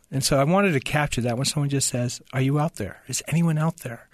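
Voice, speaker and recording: This is a man being interviewed about his books. His voice sits a little high, and the room sounds dry and close. He tells his stories with lots of restarts and acted-out dialogue. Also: normal speed, few pauses, a bit bright, no echo. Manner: stammering restarts, acts out quoted voices. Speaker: author guest. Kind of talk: interview, animated storytelling.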